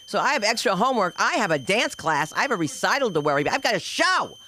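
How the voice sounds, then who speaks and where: A woman doing stand-up comedy on a club stage, telling stories in a lively, swooping way and throwing in shouted sound effects. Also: medium pitch, fast talker, slight background noise, low-quality recording.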